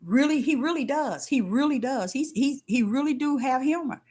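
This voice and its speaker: An older woman giving a casual spiritual testimony, folksy and emphatic, repeating herself and swinging between loud and hushed. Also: high-pitched, lively intonation, moderate pace, slightly rough. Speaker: faith talk host.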